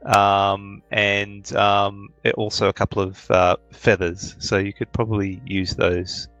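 A man narrating a tabletop game as game master, with halting speech full of fillers. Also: fairly low pitch, flat delivery, fairly bright tone, no echo, muffled recording, faint music behind.

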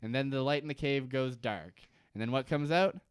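A man with a clear, resonant, medium-pitched voice speaks at a moderate pace in a dry recording. Co-hosting a casual comedy recap podcast, he's sarcastic and swears, acting out scenes in mocking voices.

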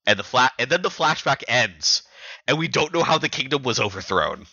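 A man's voice: medium pitch, expressive, brisk, pushed and bright, dry recording, lo-fi sound. A man co-hosting a podcast, casually recapping chapters in a rambling way with lots of fillers and restarts. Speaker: podcast co-host.

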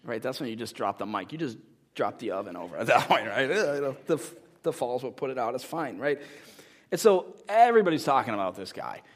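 A male pastor delivering a sermon from the pulpit. His voice sits in the middle of the male range. He tells a story with animated, playful emphasis and then shifts to a soft, earnest appeal. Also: mid-range voice, brisk.

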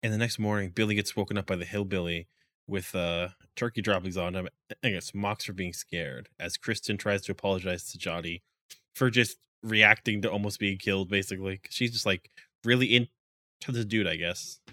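A man casually recapping a movie, rambling with lots of "like" and quick quoted lines. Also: sits low, steady tone, bright, forceful tone. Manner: rambling, many "like"s, quotes characters in quick voices.

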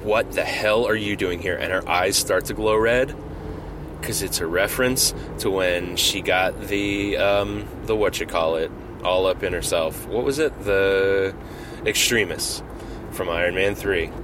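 A man hosting a podcast, telling a silly story in a loose, rambling way with lots of ums and restarts. His voice sits fairly low, and the recording carries clear background noise. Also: measured pace. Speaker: podcast host. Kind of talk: casual comedic storytelling. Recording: noisy home recording.

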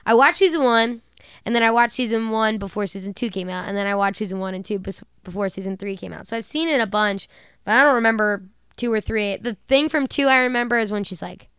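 Podcast host, woman, smooth clear voice, dry close sound, loose chatty delivery. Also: mid-range voice, quick pace, a bit bright, no room sound. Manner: chatty, lots of fillers, swears freely. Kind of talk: casual chat.

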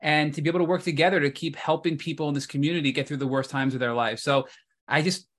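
A man co-hosting a podcast, speaking earnestly and heartfelt, halting at times. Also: fairly high pitch, fairly even intonation, fairly bright tone. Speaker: podcast co-host. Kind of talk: interview talk.

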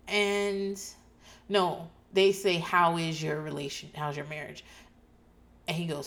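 A woman's voice: on the low side, normal speed. A woman hosting a podcast, recapping a show in a casual rant and swearing freely. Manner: ranting, swears freely, animated asides.

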